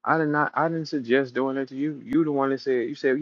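A man's voice: mid-range voice, steady tone, fairly quick, few pauses, no echo, dull audio. A man hosting a battle rap audio room, telling stories and taunting a rival in a profane, casual rant. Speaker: battle rap show host.

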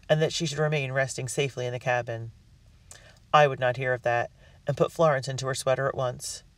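A man narrating a storybook in the first person with an earnest, expressive delivery. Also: medium pitch, dry recording. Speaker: audiobook reader. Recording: dry, distant mic.

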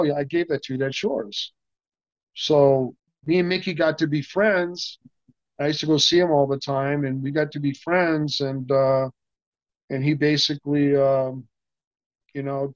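A man's voice: fairly high pitch, steady tone, normal speed, darkish tone, no room sound. Rambling older man telling a story. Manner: rambling, many restarts, acts out quoted dialogue. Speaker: interview guest, stuntman. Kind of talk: casual anecdotal storytelling. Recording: dull, dry sound.

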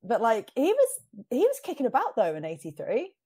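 A woman's voice: a little high, huge pitch swings, fairly quick, warm tone, slightly rough. A woman co-hosting a podcast, bluntly chatting, swearing freely and laughing often. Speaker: podcast co-host. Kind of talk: casual chat.

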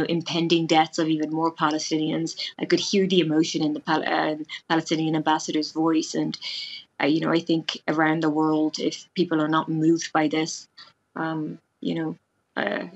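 A woman with a low, flat voice answers a news interview over a remote link. She speaks with emotion and hesitates often, and the sound is dull and lo-fi. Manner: emotional, hesitant, many fillers. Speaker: former diplomat and lecturer.

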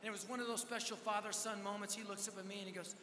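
A man with a very high, sharply bright voice tells a story as a sermon, energetic and quick to poke fun at himself. His voice rings through a large hall with a long reverb and a faint hum of ambience behind it. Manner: energetic, self-mocking storytelling. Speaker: youth event preacher. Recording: echoey hall with live reverb.

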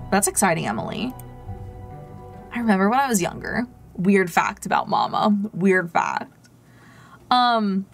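Slow-talking woman chatting over gameplay. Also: mid-range voice. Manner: chatty, animated storyteller talking to chat. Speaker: game streamer. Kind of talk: casual gameplay chat.

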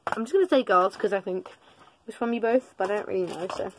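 A woman's voice: mid-range voice, fairly quick, a little hiss or hum. Rambling, chatty teen girl vlogger. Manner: chatty, rambling, self-correcting, joking asides. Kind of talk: casual gift-opening vlog. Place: parents' bedroom.

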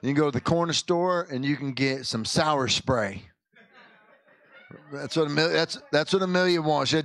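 A man's voice: fairly high pitch, moderate pace, gravelly, fairly bright tone, no room sound. A male pastor making casual, folksy church announcements in the sanctuary, chatty and often breaking off mid-sentence. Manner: folksy, chatty, self-interrupting.

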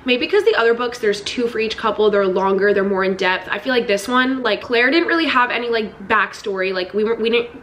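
Chatty woman with a higher voice. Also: brisk, hardly any pauses, fairly bright tone, slight background noise. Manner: chatty and emphatic, peppered with "like" and swearing. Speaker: book vlogger. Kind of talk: casual reading vlog chat.

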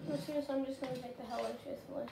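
A woman giving casual, rambling gameplay commentary, getting excitable and shouting at the game. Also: sits high, rapid-fire, vocal fry, loud music behind the voice. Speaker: gaming channel host. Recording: roomy and noisy.

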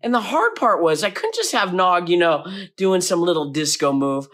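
A man telling a behind-the-scenes anecdote in an animated storytelling way, acting out his own past lines. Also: high-pitched.

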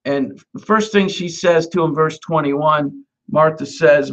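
Gravelly-voiced man preaching a sermon. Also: a little high, measured pace, few pauses, fairly bright tone, muffled recording. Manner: conversational preaching, emphatic repeated Hebrew words. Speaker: messianic rabbi preaching. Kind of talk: sermon teaching on scripture.

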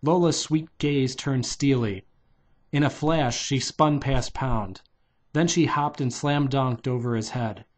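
A man's voice: medium pitch, slow. A man reading a children's novelization aloud in a loose, unpolished way, stopping to redo lines. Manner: loose, unpolished delivery with restarts and "take two" retakes. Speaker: reader.

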